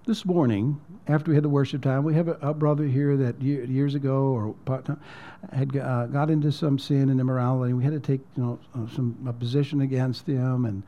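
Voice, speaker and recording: A man's voice: medium pitch, fairly even intonation, a little fast, hardly any pauses, dark tone. A man preaching as a pastor in a conversational storytelling way, repeating words and dropping almost to a whisper at emotional points. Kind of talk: sermon storytelling.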